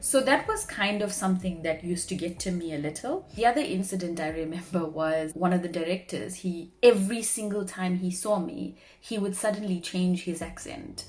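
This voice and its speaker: A woman's voice: lowish voice, normal speed, hardly any pauses, a little mellow. A young woman speaking earnestly to camera in a personal vlog, sharing heartfelt reflections. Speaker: vlogger; marketing professional.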